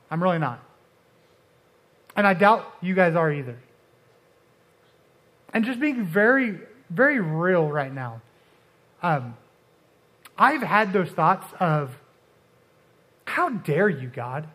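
A man preaching a casual, conversational sermon, often restarting and dropping suddenly soft for emphasis. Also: high voice, sing-song, measured pace, long pauses. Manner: conversational, uses filler like and restarts, dramatic drops to soft.

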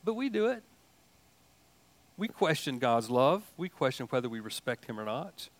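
An older man preaching a sermon in a folksy, animated way, mixing asides and jokes into his teaching. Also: mid-range voice, normal speed. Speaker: pastor.

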